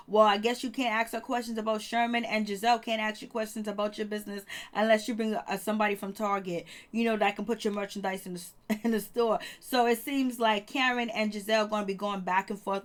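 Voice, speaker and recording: A woman's voice: mid-range voice, fairly bright tone. A woman casually recapping a reality show, retelling scenes with laughs and acted-out quotes. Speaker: reality TV reviewer.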